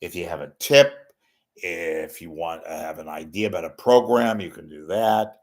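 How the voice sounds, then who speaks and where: Deep-voiced older man, blunt and rambling. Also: normal speed. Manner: blunt, rambling and self-mocking. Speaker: host of an online talk show. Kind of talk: unscripted solo talk reading viewer messages.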